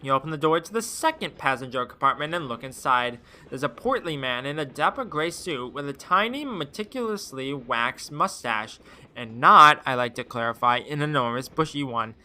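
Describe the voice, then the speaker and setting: Bright-voiced man reading a game aloud. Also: mid-range voice, normal speed. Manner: wry, deadpan asides. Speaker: streamer.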